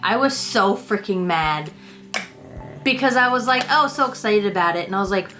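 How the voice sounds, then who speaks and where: A woman's voice: medium pitch, animated, normal speed, fairly bright tone, faint music behind. Chatty woman rambling through a declutter. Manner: chatty, rambling, self-deprecating, swears casually. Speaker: beauty vlogger. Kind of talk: casual makeup declutter chat.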